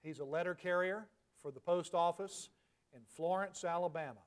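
A man in his forties preaching a sermon in a conversational way, dropping to soft, emphatic asides. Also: high voice, normal speed. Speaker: pastor.

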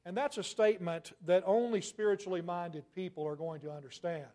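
A man preaching a sermon, asking rhetorical questions and slowing down to stress key phrases. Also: high-pitched, fairly even intonation, warm tone.

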